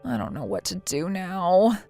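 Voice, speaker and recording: A synthetic woman's voice narrates a text-message story as a naive, self-pitying young wife who pleads and hesitates. The voice is on the low side, very animated and unhurried, with a dark tone and soft background music.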